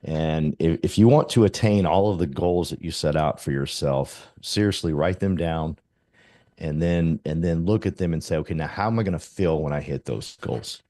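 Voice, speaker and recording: A man's voice: rumbling low, normal speed, mellow. A man hosting a group video call, giving an impassioned motivational talk and acting out quoted feelings. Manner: impassioned, preachy, acts out quotes. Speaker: meeting host.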